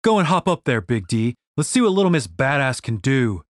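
A man's voice: mid-range voice, big pitch swings, a little fast, no echo, close to an everyday voice. A man plays a sarcastic male elf in an audiobook fantasy. He mocks his companions in a dry, snarky tone with a slightly altered timbre, close-miked and dry. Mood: wry.

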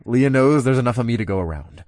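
A man's voice: mid-range voice, expressive, fast talker, darkish tone, no echo, studio quality. A young man narrating a first-person audiobook in an easygoing, lightly amused way, also speaking the narrator's own lines.

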